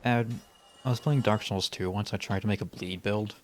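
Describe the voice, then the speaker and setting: A man's voice: fairly low pitch, moderate pace, a little hiss or hum. A male streamer giving casual, rambling commentary while playing a game, with dry, wry humor. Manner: rambling asides.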